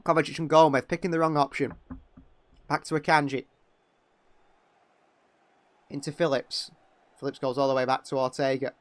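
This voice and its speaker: A young man giving partisan live fan commentary on a match, excitable and quick to criticise players. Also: medium pitch, dry recording. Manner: excitable, exclaiming at big moments, critical of players.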